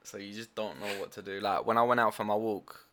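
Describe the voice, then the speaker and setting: A young man chats loosely, hedging and trailing off with fillers. His voice is bright and sharp-edged. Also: on the low side, steady tone, fairly quick. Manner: mumbling, hesitant, lots of fillers. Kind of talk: casual chat.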